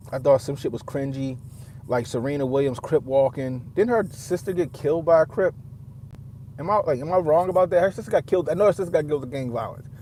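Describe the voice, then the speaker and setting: A man with a slightly high but mellow, warm voice rambles through casual commentary, swearing freely and circling back over his own words. A faint rumble sits behind him. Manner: profane, rambling, repeats himself. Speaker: father.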